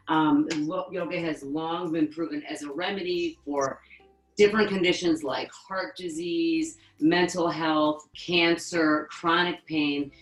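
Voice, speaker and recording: A woman with a notably low voice leads a calm yoga breathing lesson over a webinar, counting each breath slowly. The room sounds echoey, and soft music plays faintly underneath. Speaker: yoga therapist. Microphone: webinar microphone.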